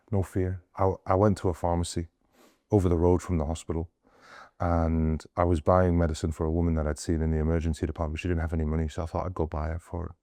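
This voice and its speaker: Young doctor guy telling his stories earnestly, deep flat voice, talks fast. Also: no room sound, studio quality. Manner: earnest, retells scenes with quoted dialogue. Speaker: doctor guest on a humanitarian mission. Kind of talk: earnest interview storytelling.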